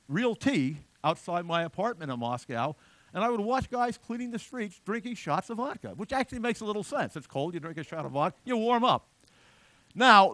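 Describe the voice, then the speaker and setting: A man's voice: high voice, fairly bright tone, dry recording. A middle-aged man giving a lecture in a conversational, humorous storytelling way, full of asides. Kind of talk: lecture with anecdotes.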